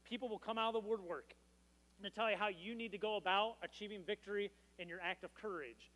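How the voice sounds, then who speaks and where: A man's voice: high-pitched, fairly even intonation, brisk, a bit bright. A man preaching a sermon as pastor, with a casual, joking storytelling manner. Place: church. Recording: long reverb in a church hall.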